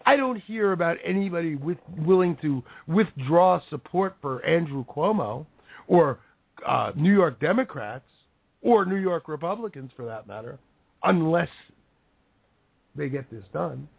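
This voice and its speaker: A hoarse male show host delivering an angry, sarcastic talk-show rant as his voice gives out. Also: a little high, expressive, a little slow. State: hoarse, voice giving out. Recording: tinny phone-like sound.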